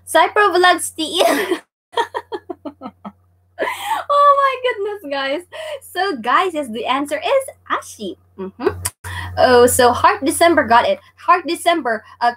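Bubbly high-voiced woman teacher. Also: lively intonation, measured pace, fairly bright tone. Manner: bubbly, laughs often, greets chat viewers by name. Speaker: online Japanese teacher. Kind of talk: livestream lesson, chatty quiz hosting.

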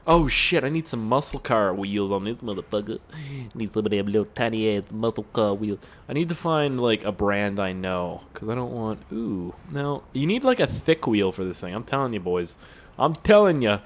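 A man's voice: fairly low pitch, expressive, a little fast. A man in his twenties doing gameplay commentary, rambling off-topic and joking crudely with plenty of swearing. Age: 20s. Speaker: gaming YouTuber.

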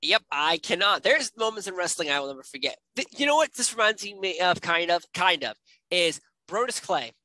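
Female co-host, casual reaction chat, lively delivery, bright tone. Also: lowish voice, moderate pace, no echo. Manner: animated, acts out quoted voices. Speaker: wrestling show co-host.

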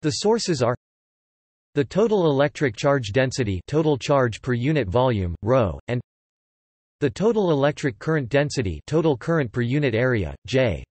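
Computer guy voice reading an encyclopedia article, flat and synthetic, spells out math code letter by letter, totally dry sound. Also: medium pitch, moderate pace, slightly rough, no echo. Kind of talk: text-to-speech article reading.

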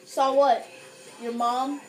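A woman chatting casually with friends while gaming, loud and excitable, swearing freely. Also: sits high, takes it slowly, soft background music, rough recording. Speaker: gamer playing with friends.

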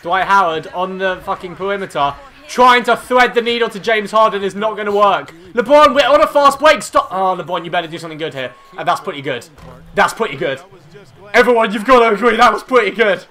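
A man giving hyped gameplay commentary, shouting and swearing at the game. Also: high voice, lively intonation, brisk. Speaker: gamer. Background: game music.

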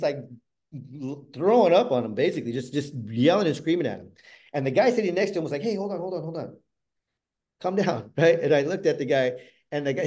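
Middle-aged guy doing a motivational talk, warm mellow tone, gets loud then drops real quiet. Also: medium pitch. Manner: animated, swings from loud bursts to hushed asides. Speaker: motivational speaker.

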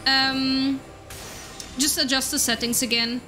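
A young woman streaming a game live, chatting with her viewers in an excitable way and swearing now and then, with faint game music behind her. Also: sits high, slow. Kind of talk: casual live-stream chat while gaming.

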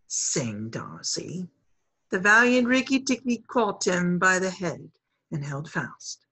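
Woman storyteller, low husky voice, warm read-aloud delivery. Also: slow pace, rough recording. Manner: friendly, expressive.

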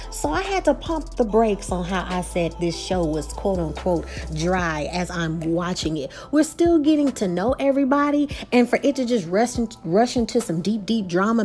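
A woman's voice: on the high side, mellow. A woman with a Texas accent recapping and reviewing a reality show, chatty and opinionated, talking straight to her viewers. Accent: Texan.

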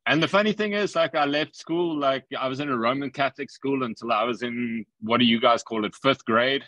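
A man with a bright, forceful tone and a dry, close sound, joking in a casual panel chat. He talks with wry, energetic humor. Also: medium pitch, a little fast, no room sound. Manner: jokey, energetic.

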